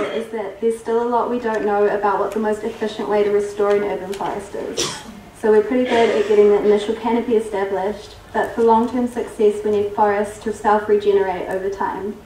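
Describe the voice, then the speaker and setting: A woman's voice: mid-range voice, steady tone, a little fast, background noise. Woman presenting, losing her voice, roomy hall. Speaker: workshop presenter. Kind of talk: research presentation to an audience. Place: workshop hall. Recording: roomy distant hall recording.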